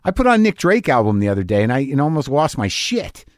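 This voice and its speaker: A man's voice: mid-range voice, big pitch swings, fast, dry recording, clean studio sound. A man hosting a podcast, talking in a rambling, confessional, self-deprecating monologue that stammers and restarts when he gets worked up. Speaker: podcast host.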